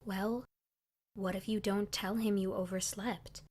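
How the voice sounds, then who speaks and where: A woman voicing a rule-following young college girl who speaks low, as if sharing a secret. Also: level tone, a little slow, natural voice. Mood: hushed. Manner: hushed, secretive.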